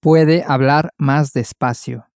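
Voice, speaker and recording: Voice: medium pitch, steady tone, a little slow, a little mellow, no echo. Student answering plainly in a dry recording. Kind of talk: language lesson answers.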